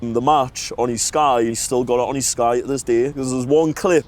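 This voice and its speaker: A man's voice: medium pitch, fairly even intonation, moderate pace, a little mellow. A young man from Newcastle with a Geordie accent, chatting casually and laughing easily with a stranger on a bench outdoors. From Newcastle, England. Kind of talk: casual chat. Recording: faint outdoor noise.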